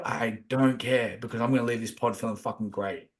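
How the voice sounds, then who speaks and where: A man's voice: medium pitch, steady tone, brisk. A man chatting casually on a podcast, laid-back, swearing a lot as he talks about feelings and energy. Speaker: podcast co-host. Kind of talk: casual chat.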